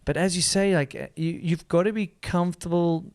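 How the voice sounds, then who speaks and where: Upbeat male podcast host, slightly high. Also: fairly even intonation, brisk, a little mellow, clean tone. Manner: enthusiastic, laughs often, restarts sentences. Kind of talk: casual chat.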